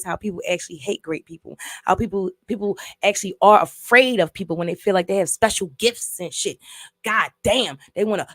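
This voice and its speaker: A woman's voice: medium pitch, dry recording, studio quality. A woman casually recapping and reviewing a movie, telling the story in an emphatic, profane way with lots of repeats.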